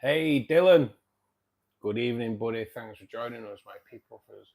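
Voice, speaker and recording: This fifties-aged host of a fish-keeping livestream keeps the chat casual and jokey, calling out viewers by name to thank them. He talks fast in a lowish, level tone with vocal fry and a dry throat.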